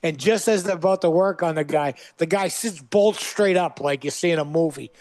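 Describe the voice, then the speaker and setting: Male comic guest, higher-pitched voice, dry studio sound, punchy storytelling delivery. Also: a little fast, darkish tone, dry recording. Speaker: guest comedian. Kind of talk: animated storytelling.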